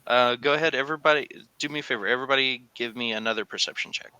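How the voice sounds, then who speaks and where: A man narrating a tabletop game as game master, with a bright, forceful voice set on the low side. He tells the scene in an animated way with frequent fillers. The sound is dry and close. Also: very fast, clear, resonant tone, no echo.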